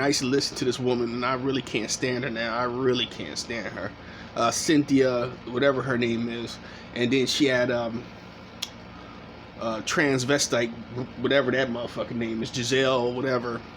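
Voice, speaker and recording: A man's voice: mid-range voice, fairly bright tone, a little hiss or hum. A man hosting a reaction commentary, cursing and heated as he interrupts a clip. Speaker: commentary channel host.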